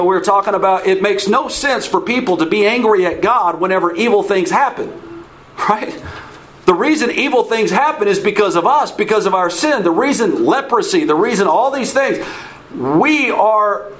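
A man with a notably high voice leads a conversational Bible study. He talks loosely, restarts his phrases and keeps checking in with his listeners by asking "okay?" and posing questions to the group. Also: lively intonation, moderate pace, a bit bright, poor audio. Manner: informal, repeats words, checks in with "okay?"; asks the audience questions. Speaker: Bible teacher.

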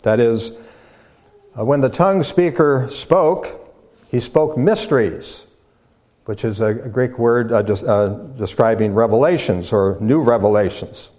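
A man preaching a sermon, teaching from scripture in a measured way with frequent pauses, fillers and restarts. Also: medium pitch, darkish tone. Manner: halting restarts.

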